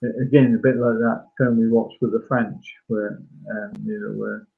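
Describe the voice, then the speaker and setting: A man co-hosting a podcast, chatting casually about an old film, full of halting restarts and fillers. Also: on the low side, level tone, vocal fry. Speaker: podcast co-host. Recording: tinny phone-like line.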